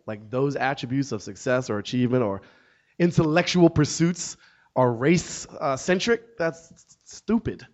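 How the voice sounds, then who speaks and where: A man in his thirties, a comedian and author, telling a story to an audience with wry, deadpan asides. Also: medium pitch, moderate pace. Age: 30s. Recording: dull lo-fi sound.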